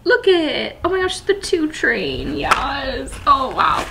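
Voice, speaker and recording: A young woman vlogging an unboxing, gushing and breathless with excitement after a workout. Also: sits high, slow pace, background noise. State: post-workout, catching breath.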